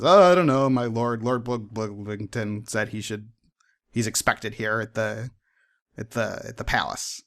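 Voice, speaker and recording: A man narrates a tabletop role-playing game as its game master. His voice has a gravelly edge, and he stumbles through fillers and restarts as he sets each scene. Faint music plays underneath. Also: mid-range voice, fairly bright tone. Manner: halting, many fillers and restarts.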